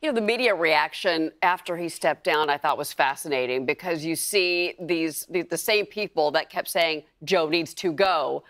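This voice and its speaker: A woman's voice: low-pitched, moderate pace, few pauses, a bit bright, no echo. A woman commentator on a TV news panel, giving earnest, concerned analysis.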